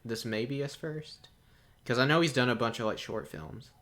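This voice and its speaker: A young man co-hosting a casual podcast, relaxed and laughing between remarks. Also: medium pitch, moderate pace. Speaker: podcast co-host. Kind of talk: casual chat.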